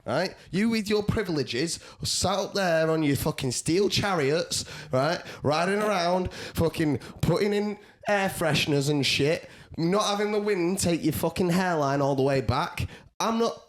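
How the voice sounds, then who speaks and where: A man's voice: fairly high pitch, a little slow, few pauses. A man co-hosting a podcast, ranting in mock indignation and teasing his friends. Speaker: podcast co-host. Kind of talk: casual banter.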